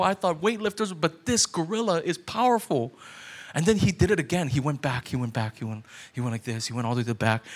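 Man, 30s, pastor, sermon, high voice, conversational, urgent repeated questions. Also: fairly bright tone.

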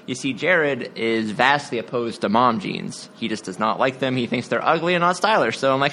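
A man's voice: mid-range voice, lively intonation, normal speed, sharp tone, a little hiss or hum. A man co-hosting a casual podcast, reading listener updates with dry humor. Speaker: podcast co-host.

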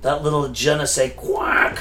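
A man's voice: medium pitch, level tone, normal speed, bright, forceful tone, slight background noise. A man, co-hosting a casual podcast chat, joking and teasing, swearing freely. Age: 50s. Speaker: podcast co-host.

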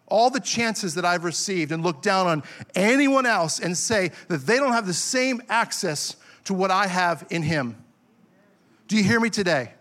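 High-voiced impassioned male preacher. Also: fairly bright tone. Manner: impassioned, rising to emphatic peaks; self-deprecating asides. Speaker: pastor. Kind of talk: sermon. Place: church.

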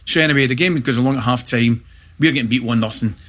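A middle-aged Scottish man, a former footballer, telling lively anecdotes in casual chat, often checking in with "right?". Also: medium pitch. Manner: animated anecdotes, quick asides like "right?". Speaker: former footballer and pundit guest.

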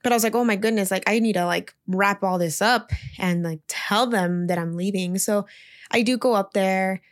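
A young woman talks straight to the camera in a loose, chatty vlog. She recounts her last day as a teacher and peppers her speech with "like". Her voice sits at an ordinary pitch for a woman. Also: moderate pace. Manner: chatty, heavy use of "like", emotional retelling. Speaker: teacher leaving her job. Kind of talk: casual storytelling vlog.

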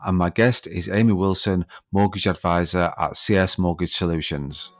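A man's voice: low-pitched, steady tone, normal speed. A man hosting a podcast, chatting casually and teasing his guest with a joking, laughing manner. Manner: jokey, teasing, laughs along. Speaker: podcast host. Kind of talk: casual interview chat.

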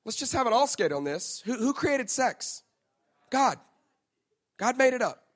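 High-voiced joking pastor. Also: male voice, very animated, unhurried. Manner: playful, joking preacher who talks straight to the crowd. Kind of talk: sermon.

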